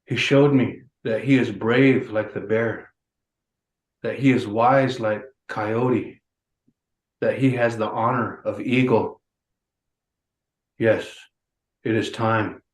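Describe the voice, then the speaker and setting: A man voicing a huge, proud male grizzly bear in a spoken folk tale, booming and slow, with a roomy echo. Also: fairly even intonation. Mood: wondering.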